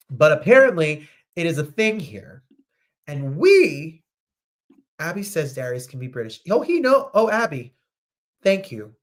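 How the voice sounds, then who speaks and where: A host from New Jersey with a New Jersey accent, chatting casually and reading viewer comments aloud. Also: mid-range voice.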